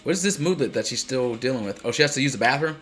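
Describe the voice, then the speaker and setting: A man with a bright, forceful voice rambles through live gameplay commentary. He is chatty, laughs easily and breaks off to answer his viewers. Soft game music plays faintly under him. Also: mid-range voice, lively intonation, very fast. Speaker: streamer.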